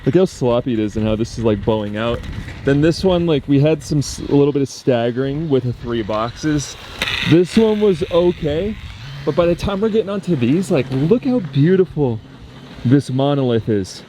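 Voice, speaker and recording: A man's voice: mid-range voice, animated, moderate pace, warm tone, a little hiss or hum. A young man talking casually to his vlog viewers, earnest and reflective, then joking with his wife. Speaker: vlogger building a home.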